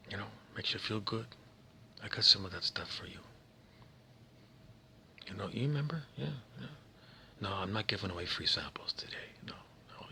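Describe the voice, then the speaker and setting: A man playing a pushy, smooth-talking male street drug dealer who coaxes in hushed, often whispered tones. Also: sits low, exaggerated voice.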